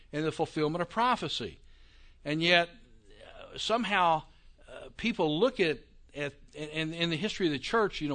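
Bright-voiced male Bible lecturer. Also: fairly high pitch. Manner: conversational and emphatic, with quick asides. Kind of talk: classroom lecture on Bible interpretation.

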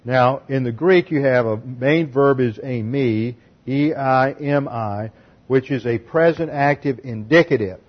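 A man's voice: medium pitch, measured pace, hardly any pauses, husky. A man preaching a methodical expository sermon, working through Greek grammar point by point. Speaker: pastor. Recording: dull lo-fi sermon recording.

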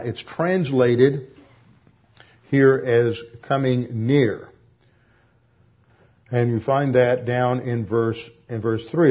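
A man teaching through a passage of Scripture in a measured, explanatory way, often pausing with "uh" and correcting himself mid-sentence. His voice is husky and sits at a middle pitch. The recording sounds dull and lo-fi. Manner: measured, with frequent "uh" pauses and self-corrections. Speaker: Bible teacher. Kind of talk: expository Bible teaching.

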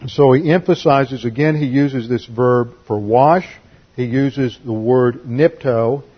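Male pastor, husky mid voice, emphatic verse-by-verse teacher, muffled lo-fi sound. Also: medium pitch. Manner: emphatic, spells out Greek words. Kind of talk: expository Bible teaching.

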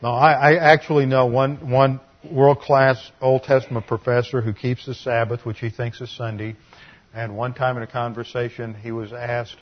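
Male pastor mid-sermon, earnest teacher with dry humor, husky tone, muffled lo-fi sound. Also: mid-range voice, level tone, moderate pace. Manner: earnest teaching with wry asides. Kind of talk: expository sermon.

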